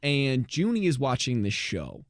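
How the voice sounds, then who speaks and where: Chill guy rambling thru a movie recap, lively up and down voice, dry close sound. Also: medium pitch, unhurried, no echo. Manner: rambling with fillers and laughs. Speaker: podcast co-host. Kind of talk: casual chat recapping a movie.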